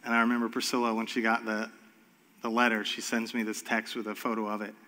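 Storytelling pastor with a hall echo. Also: male voice, on the low side, monotone, fast, pushed and bright. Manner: storytelling with acted-out voices. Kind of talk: sermon. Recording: long hall reverb.

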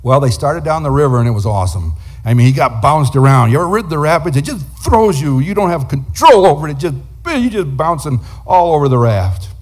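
Husky-voiced man preaching a story. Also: fairly high pitch, fairly quick, few pauses. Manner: animated storyteller acting out quotes. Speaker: guest preacher. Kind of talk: sermon storytelling.

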